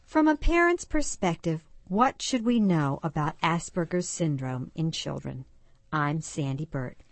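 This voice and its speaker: A woman hosting a radio interview show, talking with lively intonation. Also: sits low, measured pace, dry recording. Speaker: radio host.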